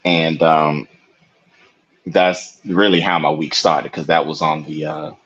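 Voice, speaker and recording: A man with a very low, husky voice talks in a loose, rambling way, full of fillers and asides. He is a podcast co-host in his thirties. The audio is dull and lo-fi, like a remote call. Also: level tone, slow, fairly bright tone. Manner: laid-back, rambling with lots of fillers and "you know what I'm saying". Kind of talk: casual podcast chat. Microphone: video call.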